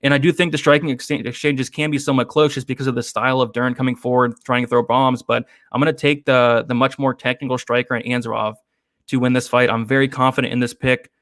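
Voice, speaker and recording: A man hosting an MMA betting stream in a relaxed, chatty way, giving picks and answering viewer comments. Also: medium pitch, fast, no room sound, studio quality. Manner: relaxed, chatty, with frequent fillers and laughs. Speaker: host of an MMA betting show. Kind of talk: casual live-stream chat reading viewer comments.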